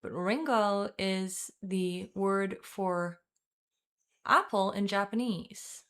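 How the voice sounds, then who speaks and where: A woman's voice: medium pitch, very slow, a bit bright. A woman hosting a casual livestream news commentary, chatty and jokey, talking to her chat.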